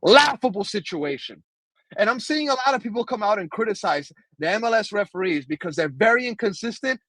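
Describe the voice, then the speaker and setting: A man's voice: high voice, expressive, brisk, fairly bright tone, dry recording, low-quality recording. A man co-hosting a soccer podcast, emphatic and fired-up, often calling his co-host brother. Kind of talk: passionate soccer podcast commentary.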